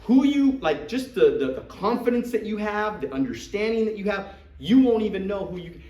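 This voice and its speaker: A man's voice: sits high, moderate pace, echoey room, recorded from a distance, poor audio. A man coaching recruits in a live talk to a group, acting out sales dialogues. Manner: animated, acts out sales dialogues. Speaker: business trainer coaching recruits.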